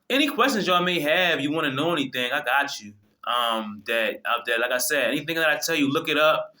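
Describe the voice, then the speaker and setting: A man's voice: a little high, animated, a little fast, few pauses, bright, forceful tone. A man delivering an impassioned, preachy monologue to his viewers, swearing freely and often restarting his sentences. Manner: fervent, preachy, profane, many restarts. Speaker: video host.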